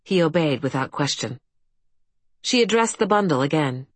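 A woman narrating an audiobook in a steady, even storytelling manner. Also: deep voice, normal speed, husky, dry recording. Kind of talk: scripted fantasy narration.

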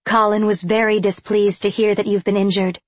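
A woman voicing a brisk, businesslike adult witch who talks in a cool, matter-of-fact way. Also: medium pitch, level tone, no room sound, lightly acted.

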